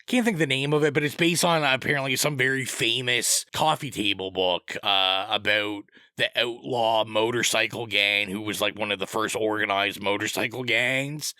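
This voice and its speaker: A man with a bright, forceful voice rambles through opinionated film picks in casual podcast chat. The sound is close and dry, with no room around it. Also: on the low side, steady tone, normal speed, hardly any pauses, dry recording. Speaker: podcast co-host.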